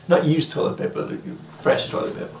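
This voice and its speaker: A man's voice: moderate pace, recorded from a distance. A man streaming a video game, chatting casually and joking around with silly impressions. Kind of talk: casual gameplay commentary. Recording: roomy room with faint background noise.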